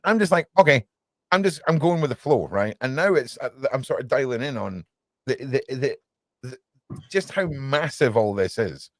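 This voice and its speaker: Man, excitable, rambling, joking host, dry close mic. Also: medium pitch, normal speed, dry recording. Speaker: podcast host. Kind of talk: casual livestream chat.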